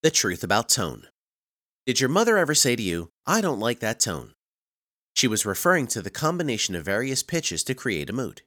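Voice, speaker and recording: A man giving scripted narration for a communication skills course, reading in an even, measured way and stressing key words. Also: medium pitch, dry recording, studio quality.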